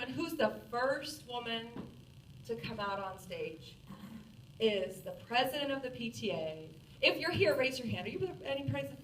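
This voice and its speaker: A woman in her forties telling a self-mocking story to an audience in a lively, animated way. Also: high-pitched, slight background noise. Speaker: speaker. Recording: roomy, distant from the mic.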